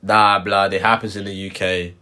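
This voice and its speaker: A man with a low voice co-hosts a podcast at a moderate pace. He tells stories animatedly in casual chat, packed with slang.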